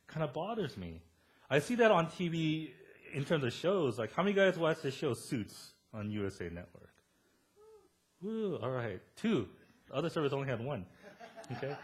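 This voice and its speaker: Male pastor, chatty sermon delivery with humor, very animated intonation. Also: medium pitch. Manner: conversational, joking with the congregation. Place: church service before a congregation.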